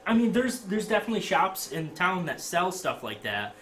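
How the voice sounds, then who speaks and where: A man's voice: high-pitched, big pitch swings, normal speed, fairly bright tone. A man narrating as game master of a tabletop game, casual and hesitant with fillers. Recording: noisy home recording.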